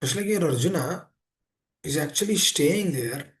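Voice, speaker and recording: A man preaches earnestly, with a gravelly, fry-tinged voice sitting a bit high for a man. He often repeats himself and poses rhetorical questions to his listeners. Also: animated, measured pace. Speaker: speaker giving a scripture class. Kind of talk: sermon.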